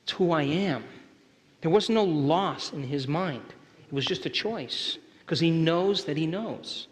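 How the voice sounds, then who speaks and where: The middle-aged man leading this workshop lectures a live audience with emphasis, frequently asking for their agreement. His voice is a little high, expressive and a little slow, echoing with the reverb of a large live hall.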